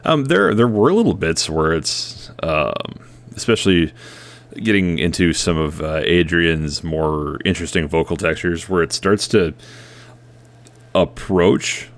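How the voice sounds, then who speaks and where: A man's voice: deep voice, normal speed. A man co-hosting a podcast, chatting casually and hesitantly about music. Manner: relaxed, hesitant, many fillers. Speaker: podcast co-host. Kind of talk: casual chat.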